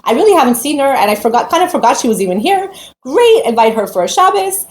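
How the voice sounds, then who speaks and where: Fast-talking animated woman teacher, echoey. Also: high-pitched. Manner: animated storytelling, acts out quoted voices. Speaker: Torah teacher. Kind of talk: storytelling Torah talk. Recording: roomy echo with faint background noise.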